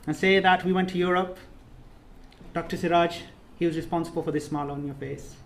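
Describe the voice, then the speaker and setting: An earnest man gives a heartfelt thank-you speech in a reception room, repeating key phrases as they build. His voice sits fairly high for a man. The room is reverberant, with a faint hum of ambience behind him. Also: steady tone, a little fast. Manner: earnest, repetitive, building to emphatic peaks. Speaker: course leader giving a speech. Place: reception room of an official residence.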